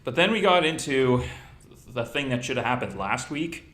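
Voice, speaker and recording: A man's voice: medium pitch, normal speed, echoey room. A man hosting a podcast in casual chat, telling stories and joking. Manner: animated storyteller, jokey. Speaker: podcast host.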